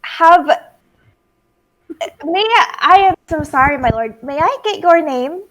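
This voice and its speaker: A woman playing a polite, flattering adventurer. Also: very high-pitched, slow, pitched above the performer's own voice, heavily acted. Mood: flattered. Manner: overly courteous.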